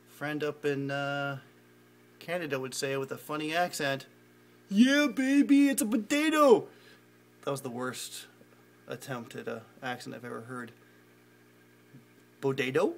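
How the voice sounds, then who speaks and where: Filming on a handheld phone as he walks, a man with a medium-pitched, slightly bright voice and vocal fry shows off his indoor garage garden. His tour is loose and meandering, packed with fillers and self-deprecating remarks, over slight background noise.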